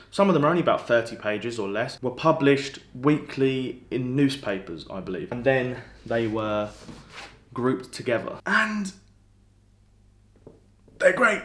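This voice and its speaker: A young man, chatting casually about books on his vlog. His delivery is dry and deadpan, with an enthusiastic streak, and his pitch sits in the middle of the range. The sound is somewhat roomy and echoey. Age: young adult. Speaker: book vlogger. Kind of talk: casual chat. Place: indoors in a flat. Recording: echoey room.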